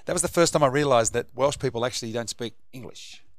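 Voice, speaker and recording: A middle-aged Australian man, a former rugby league player, co-hosting a casual sports chat and telling quick anecdotes. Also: medium pitch, no room sound. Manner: yarn-spinning, quick anecdotes.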